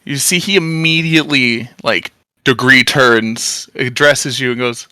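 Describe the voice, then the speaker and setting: A man's voice: medium pitch, a little slow, sharp tone, smooth, no echo. A man running a tabletop game as game master, loose and profane, laughing often with his players.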